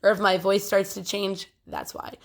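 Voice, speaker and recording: A young woman chatting casually to her phone camera, rambling with lots of fillers and clearing a phlegmy throat. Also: medium pitch. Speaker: vlogger.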